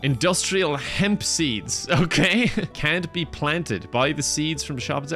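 A man's voice: on the high side, slow, hardly any pauses, sharp tone, soft background music. A young man giving casual, sarcastic commentary as he plays a farming game, laughing often. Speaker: gaming YouTuber.

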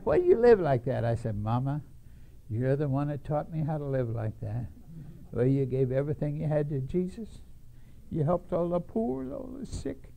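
Gravelly older man spinning a blunt yarn. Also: mid-range voice, animated, normal speed, mellow. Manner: blunt, emphatic, chuckling at his own stories. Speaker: Christian speaker telling his life story. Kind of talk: folksy storytelling talk to an audience.

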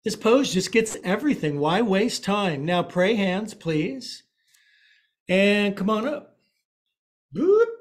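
This is a male yoga teacher with a fairly high voice, talking slowly and deliberately. He calls out the poses in a playful, joking way and keeps dropping silly asides into the class. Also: lively intonation. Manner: playful, jokey cueing with asides. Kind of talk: live yoga class instruction.

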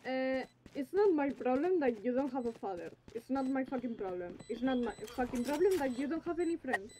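A woman's voice: sits high, lively intonation, fairly quick, warm tone. A woman player in heated in-game voice chat, angry and swearing, hurling insults at a teammate.

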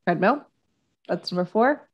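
On a casual chat show, a woman co-host with a lowish voice and lively intonation runs a quiz game, speaking a little slowly over dull audio. She playfully teases her partner while reading out questions and scoring the guesses.

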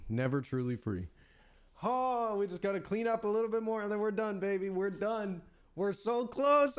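A young man doing excitable let's-play commentary, yelling at the game and swearing casually between stretches of voice-over. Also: medium pitch, slight background noise. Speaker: gaming YouTuber.

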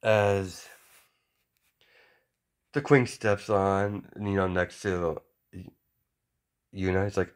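A man's voice: low voice, steady tone, drawn-out words, long pauses, smooth. A man improvising a fan story, hesitant and rambling, chaining clauses with "as". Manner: hesitant, many fillers and restarts, chains clauses with "as".

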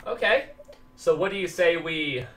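A man's voice: fairly high pitch, a little slow, a bit bright, distant mic. A man giving joking, rambling let's play commentary, reading the game's lines aloud. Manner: rambling, joking, reads game text aloud. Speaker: gaming YouTuber. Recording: roomy echo, voice off-mic.

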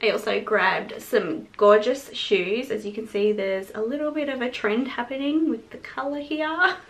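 A woman's voice: a little high, moderate pace. A woman chatting casually to camera in a lifestyle vlog, bubbly and talkative. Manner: bubbly, chatty, coos baby talk to her dog. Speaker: vlogger.

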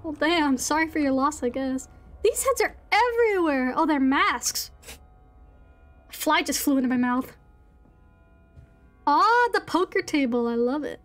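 Brief: young woman streamer, high voice, giggly and blunt, faint game music behind. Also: expressive, measured pace, long pauses, a bit bright. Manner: giggly, reactive, swearing, exclamatory. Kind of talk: live gaming commentary.

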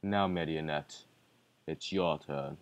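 A man voicing a stern, deep-voiced ritual leader in a video game playthrough, speaking slowly and solemnly. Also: exaggerated voice. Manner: slow, solemn and menacing. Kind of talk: let's play voice acting.

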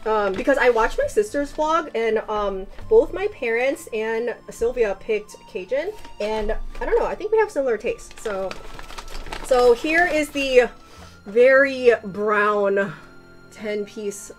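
A young woman hosting a casual food vlog, chatty and excitable, breaking off and restarting her sentences. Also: a little high, takes it slowly, faint music behind. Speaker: vlogger host. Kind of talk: casual mukbang vlog chat.

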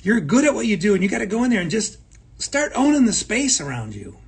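A man with a high, husky voice co-hosts a talk show. He speaks emphatically in a motivational chat, driving home points by repeating them. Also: huge pitch swings, fast talker. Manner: emphatic, repeats phrases, acts out quoted people. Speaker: co-host.

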